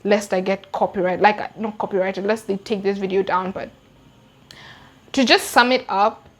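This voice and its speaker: A young Kenyan woman with a Kenyan English accent recounting a true-crime case in an animated, slangy, emphatic way. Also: medium pitch. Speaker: YouTuber. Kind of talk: true-crime storytime vlog.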